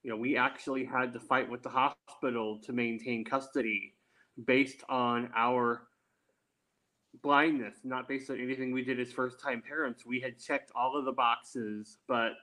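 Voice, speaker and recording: A man, an attorney, answering interview questions in a measured, deliberate and explanatory way. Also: medium pitch, fairly even intonation, pushed and bright, rough recording. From Texas. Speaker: guest, attorney.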